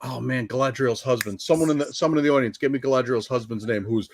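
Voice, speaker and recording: A man co-hosting a casual movie review chat, animated and quick to slip into playful mock voices. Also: mid-range voice, slight background noise. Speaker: podcast co-host.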